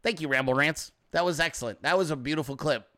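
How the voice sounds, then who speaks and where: A man's voice: fairly high pitch, quick pace, pushed and bright. A man hosting a ranting commentary show, profane and mocking, with a sarcastic edge. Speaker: host.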